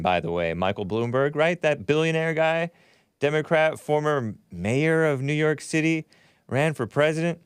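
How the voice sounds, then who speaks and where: Male host, mocking commentary, smooth clear voice, dry close sound. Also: medium pitch, dry recording. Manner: sarcastic, mocking, bursts into loud jeers. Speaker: talk show host. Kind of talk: casual political commentary.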